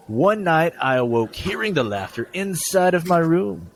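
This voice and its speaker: Male podcast host, chatty, stammers, reads stories aloud; animated delivery. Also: on the high side, takes it slowly, slight background noise. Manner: stammering, repeats words. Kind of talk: casual chat and story reading.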